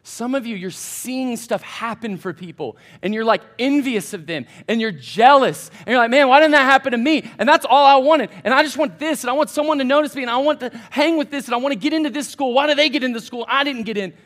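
A man preaching to college students in a church, his voice sitting high for a man. He tells stories in a loose, chatty way and speaks right to the listeners. It sounds like a relaxed sermon. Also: brisk, hardly any pauses. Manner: chatty, animated anecdotes addressing the crowd directly. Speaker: college pastor. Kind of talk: casual storytelling sermon.

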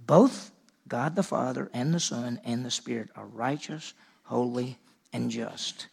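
A man's voice: mid-range voice, measured pace, gravelly, breathy edge. A male pastor preaching a sermon in a conversational way, asking the congregation questions and rising in emphasis. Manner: conversational preaching, rhetorical questions, animated rises.

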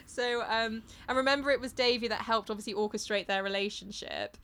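A woman's voice: fairly high pitch, steady tone, brisk, a bit bright. A woman casually retelling a novel's story in a chat, swearing and acting out lines along the way. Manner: chatty, swears, acts out quotes in funny voices. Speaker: podcast co-host recapping a novel.

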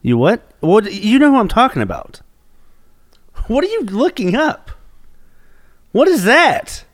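A man's voice: high voice, big pitch swings, measured pace, no room sound, studio quality. A man co-hosting a podcast in casual banter, blunt and profane, teasing his partner. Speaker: podcast co-host.

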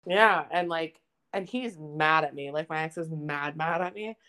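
A woman's voice: low-pitched, a little slow. A young woman co-hosting a podcast, chatting casually and telling a story with lots of swearing. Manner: swears a lot, animated storytelling. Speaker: podcast co-host. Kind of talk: casual chat.

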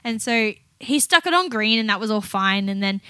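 A woman's voice: medium pitch, normal speed, clean tone, no echo. A woman who works in child therapy, chatting casually on a podcast and telling stories with acted-out voices. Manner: animated storyteller who acts out voices. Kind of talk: casual chat.

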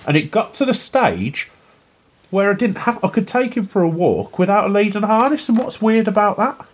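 A British man co-hosting a podcast, telling stories in a casual, animated and sometimes indignant way. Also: high-pitched, moderate pace. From Britain. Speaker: podcast co-host. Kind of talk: casual chat.

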